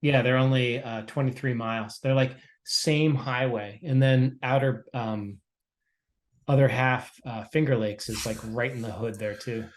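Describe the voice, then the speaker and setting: A man's voice: medium pitch, steady tone, a little slow. A man in a casual chat, talking in an offhand, joking and slightly crude way.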